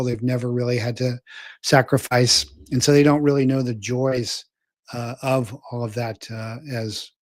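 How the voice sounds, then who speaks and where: A man's voice: mid-range voice, a little mellow, dry recording, studio quality. An older man hosting a livestream, reading viewer comments in a rambling, casual way with many fillers. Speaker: show host.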